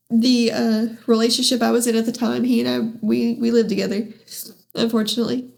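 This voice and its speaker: A woman hosting a podcast, sharing her personal faith testimony at home in a candid, halting way, with many restarts and self-deprecating asides. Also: on the high side, flat delivery, vocal fry, darkish tone. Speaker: podcast host.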